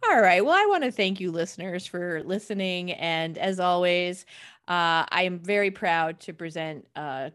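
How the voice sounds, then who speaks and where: A woman's voice: fairly low pitch, expressive, normal speed, a bit bright. A woman hosting a podcast, gushing and laughing often as she wraps up the chat. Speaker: podcast host. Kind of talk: casual chat.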